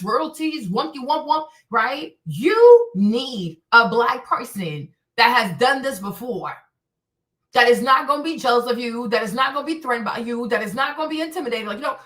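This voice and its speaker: A woman hosting her own stream, talking in an animated, blunt way with plenty of profanity and repetition. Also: sits high. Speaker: show host. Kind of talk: livestream commentary rant. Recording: echoey room, distant from mic.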